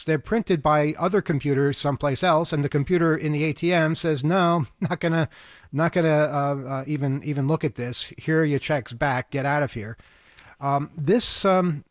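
A man's voice: fairly high pitch, no room sound, studio quality. A man co-hosting a radio talk show, telling a story in a rambling way, stumbling over repeated words and laughing often. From New York State. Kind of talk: casual chat.

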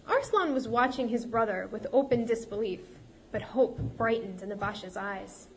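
A woman narrating an audiobook in a measured, expressive storytelling manner. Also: on the high side.

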